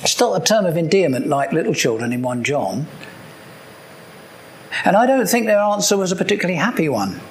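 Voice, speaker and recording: A man's voice: on the high side, a little hiss or hum. A man preaching a sermon in a conversational way, with joking asides and repeated key points.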